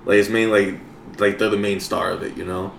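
A man's voice: lowish voice, little pitch movement, fairly quick, gravelly, reverberant, slight background noise. A man co-hosting a podcast, chatting casually and laid-back, swearing and laughing often. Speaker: podcast co-host. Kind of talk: casual chat.

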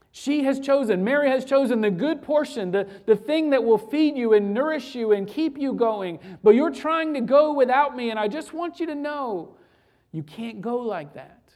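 A preacher giving an earnest, conversational sermon that moves between hushed, intimate passages and loud, animated storytelling. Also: medium pitch, normal speed. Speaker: pastor.

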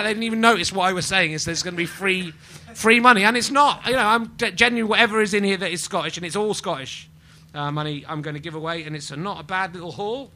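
Man, from England, live podcast host, rambling, jokey, mock-indignant, slightly high voice, faint room noise. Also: quick pace, pushed and bright. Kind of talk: live stand-up podcast chat. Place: small live venue with an audience.

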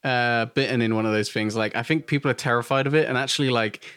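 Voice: medium pitch, fairly even intonation, fast talker, a bit bright, clear, resonant tone, dry recording. A podcast host chatting loosely with a guest, laughing often. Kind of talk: casual podcast chat.

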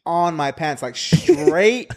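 A young man co-hosting a casual podcast chat, telling a story in fast bursts and laughing through it. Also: on the high side, lively intonation. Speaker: podcast co-host.

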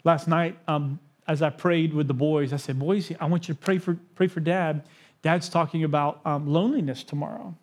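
Male pastor, 30s, slightly high pitch; conversational sermon delivery with light joking asides. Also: fairly even intonation, moderate pace. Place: church sanctuary.

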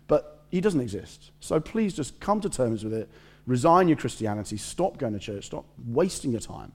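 A man preaching a lively, conversational sermon with humor, reading scripture aloud and commenting as he goes. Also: medium pitch, fairly quick.

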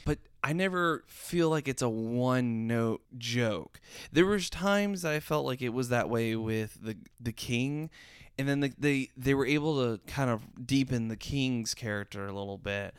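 A man's voice: medium pitch, unhurried, smooth, no room sound. Guy rambling on about a cartoon, lots of ums and likes, super clean dry mic. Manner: rambling, many fillers and restarts. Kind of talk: casual review chat.

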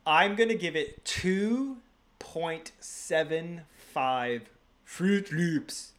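Man, podcast host, american, rambling, self-correcting, lively pitch. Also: drawn-out words. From United States. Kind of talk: casual movie review chat.

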